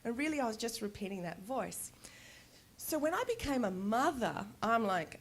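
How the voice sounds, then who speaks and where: Brief: middle-aged woman, higher pitch, candid and animated, laughs easily. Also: normal speed. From Australia. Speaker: conference speaker. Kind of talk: personal storytelling talk. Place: conference stage.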